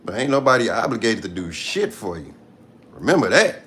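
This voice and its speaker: A man's voice: lowish voice, sing-song, brisk, fairly bright tone, slight background noise. Blunt, profane man ranting on a livestream. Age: 30s. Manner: blunt, profane, repeats himself for emphasis. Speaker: live streamer. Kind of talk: casual livestream rant.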